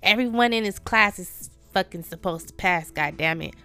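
A woman's voice: lowish voice, moderate pace, sharp tone, clean tone, soft background music. A woman voicing an exasperated female instructor who scolds in a crude, incredulous way.

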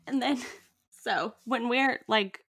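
A woman's voice: a little high, takes it slowly, a bit bright, slightly rough, dry recording, studio quality. A woman hosting a casual chat, playful and giggly as she asks questions.

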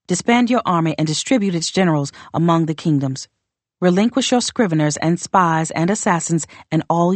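A woman's voice: low-pitched, no echo. Woman reading as a proud, blunt warrior queen. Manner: measured, formal, quietly contemptuous. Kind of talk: audiobook character reading.

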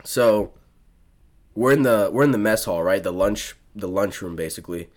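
A man's voice: fairly low pitch, moderate pace, a little mellow. A young man from South Florida hosting a podcast, telling a rambling story full of swearing and restarts in casual chat. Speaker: podcast host.

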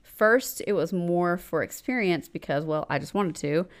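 A woman in her forties co-hosts a laid-back podcast, reading a listener's letter out loud with dramatic pauses and lots of laughter. Her voice is smooth and fairly low.

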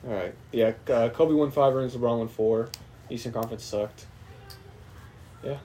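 A man's voice: mid-range voice, normal speed, mellow, a little hiss or hum. A man co-hosting a podcast, arguing in a heated casual chat, often interrupting, swearing and laughing. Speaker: podcast co-host.

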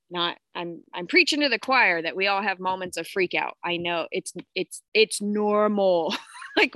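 A woman's voice: medium pitch, sharp tone, no echo. A woman in her thirties talking candidly about parenting and spirituality, swearing freely and greeting viewers as she goes. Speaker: podcast host. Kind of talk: casual spiritual live talk.

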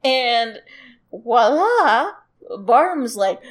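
A woman's voice: a little high, animated, slow. A woman co-hosting a podcast, telling a story in casual chat, giggly and swearing freely. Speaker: podcast co-host.

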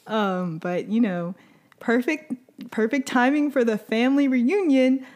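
A young woman co-hosting a casual chat, recapping a series with lively storytelling and acted-out quotes. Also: a little high, a little slow. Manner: animated storytelling with laughs and quoted voices. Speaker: podcast co-host recapping a series.

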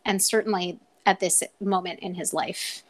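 A woman's voice: lowish voice, steady tone. A woman co-hosting a casual book discussion podcast, chatting and reading short passages aloud. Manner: chatty, reads passages aloud with quick asides. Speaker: podcast co-host.

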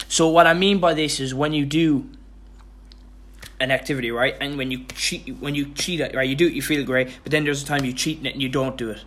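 A man's voice: mid-range voice, fairly even intonation, fairly quick. A tired young man hosting his own podcast, talking in a loose, rambling way with lots of restarts and casual swearing. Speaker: podcast host. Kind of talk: casual motivational monologue.

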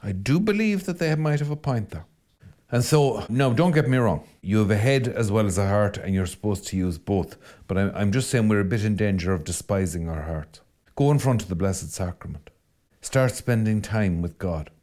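A middle-aged Irish priest giving a podcast talk, chatty and coaxing as he teases his listeners along. His voice sits at an ordinary pitch, but it rises and falls a great deal, leaping high when he pushes a point. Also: animated, moderate pace, darkish tone. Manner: conversational, teasing and exhorting.

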